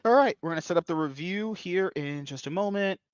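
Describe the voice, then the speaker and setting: A man's voice: high-pitched, brisk, clean tone, dull audio. A man hosting a podcast in casual chat, rambling and provocative, often breaking into laughter. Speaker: podcast host.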